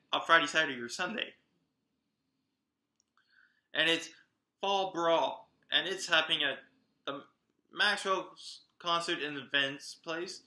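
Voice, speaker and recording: Bright, excitable male wrestling vlogger. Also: on the high side, roomy sound. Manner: chatty, excitable, talks straight to viewers. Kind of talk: casual event roundup.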